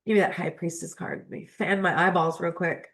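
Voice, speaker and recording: A woman's voice: lowish voice, steady tone, a little fast, fairly bright tone. Emotional woman reading a spiritual text. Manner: emotional, choked up and laughing between passages. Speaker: spiritual astrology channel host.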